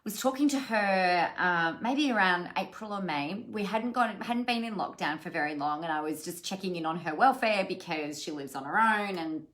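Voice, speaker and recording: A woman's voice: lowish voice, expressive, normal speed, few pauses, fairly bright tone. A woman, a business coach, giving a chatty, encouraging live-streamed talk with frequent fillers and greetings to viewers. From Australia.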